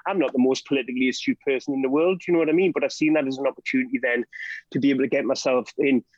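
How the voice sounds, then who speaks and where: A middle-aged man with a Geordie accent, a podcast guest talking in animated, sweary rants full of "right?" and "do you know what I mean". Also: mid-range voice, very fast, dry recording. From Northeast England. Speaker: podcast guest, drug harm-reduction trainer. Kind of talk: passionate podcast conversation. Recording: dull, dry podcast audio.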